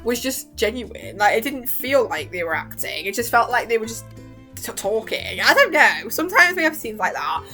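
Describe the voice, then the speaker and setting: A young woman chatting casually as a vlogger, excitable and gushing, laughing often and acting out lines. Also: fairly high pitch, normal speed, soft background music. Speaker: vlogger reviewing a TV season. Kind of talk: casual chat.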